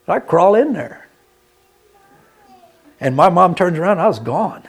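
A man's voice: high-pitched, sing-song, unhurried, slightly rough. Man preaching a folksy sermon. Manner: folksy storytelling, with a wide dynamic swing from loud to hushed.

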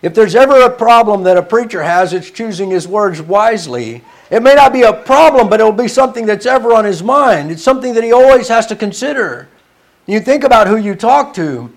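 A man's voice: high-pitched, lively intonation, fairly quick. A man preaching a sermon in an earnest, conversational way, stumbling and restarting now and then.

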